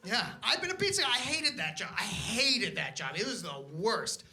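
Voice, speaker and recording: On a comedy club stage, a young Canadian man performs a stand-up set in a high-pitched voice at normal speed, doing animated storytelling with acted-out voices. The live club recording captures the crowd and its laughter.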